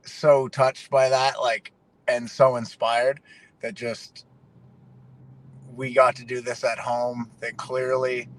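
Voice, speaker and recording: A Canadian man, a fighter guest on a podcast, telling animated, emotional stories in casual conversation. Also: mid-range voice, poor audio. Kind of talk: casual interview.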